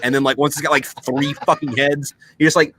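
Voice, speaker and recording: A man's voice: a little high, little pitch movement, fairly quick, pushed and bright, a little hiss or hum. A young man hosting a podcast, telling crude stories in casual chat, swearing often and full of fillers. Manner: profane, storytelling, lots of fillers. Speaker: podcast host.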